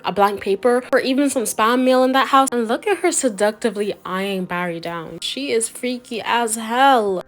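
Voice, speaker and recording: A young woman narrating a comedic movie recap in a crude, sarcastic, mocking way. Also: on the high side.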